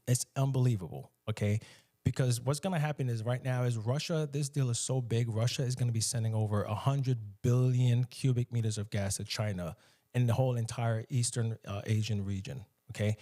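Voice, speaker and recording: Dark-voiced emphatic American commentator man. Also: medium pitch, a little fast. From United States. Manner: animated, emphatic, puts on mocking voices for quotes. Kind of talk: casual solo commentary.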